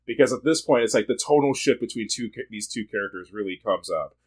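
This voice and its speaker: A podcast co-host reviewing a movie in casual chat, laid-back and quick to laugh. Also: medium pitch.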